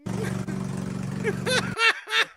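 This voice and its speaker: A man's voice: very high-pitched, extremely slow, background noise. A man streaming, reacting to a video with helpless laughter and swearing. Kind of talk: reaction commentary.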